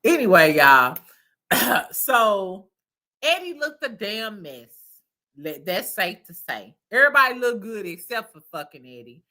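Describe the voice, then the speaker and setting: A woman's voice: mid-range voice, sing-song, a little slow, pushed and bright. A woman hosting a casual reality TV recap, with profane, laughing gossip. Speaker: host. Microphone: streaming mic.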